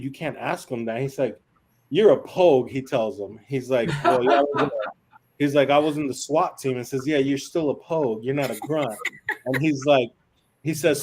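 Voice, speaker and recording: A man who is a military veteran tells stories on a podcast in a blunt, profane way. He slips into the voices of the people in his stories as he goes, and his pitch sits in the middle for a man. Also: a little mellow. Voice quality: profane, blunt, acts out quoted dialogue. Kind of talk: casual storytelling on a podcast.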